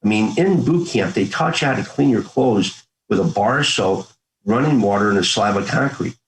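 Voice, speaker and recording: An older man in his sixties talks through his memories as an interview guest. He is earnest and folksy, and he slips into the voices of family members as he retells old talks. His voice sits a little low. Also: expressive, moderate pace, poor audio. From United States. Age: 60s. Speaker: interview guest, former Marine. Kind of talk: conversational storytelling.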